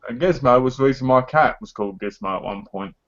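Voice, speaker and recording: A man's voice: medium pitch, fast talker, a bit bright, muffled recording. An English man co-hosting a casual live chat, blunt, sweary and mock-boastful. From England. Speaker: co-host. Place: living in America.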